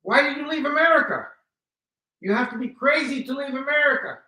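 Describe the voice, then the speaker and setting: A man voicing his blunt, scolding young wife in a story, his voice pushed up high and insistent. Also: a little fast, bright, forceful tone, reverberant, far from the mic. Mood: incredulous.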